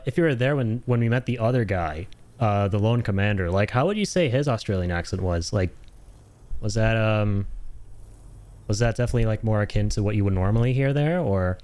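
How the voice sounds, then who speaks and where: A chatty young man streaming a game, reacting eagerly to what he unlocks and laughing often. His voice sits a little low. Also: a little mellow. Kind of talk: casual gameplay commentary.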